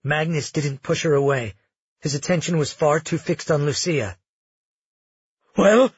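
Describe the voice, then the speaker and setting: A male audiobook narrator telling the story in a measured, dramatic way. His voice is husky and a little high. The recording is dry and dull, with a lo-fi sound. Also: fairly even intonation, dry recording.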